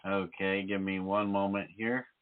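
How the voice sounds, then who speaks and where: A man hosting a psychic call-in radio show, speaking in a calm, measured way and often checking in with "okay?". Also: low-pitched. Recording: phone-like radio audio.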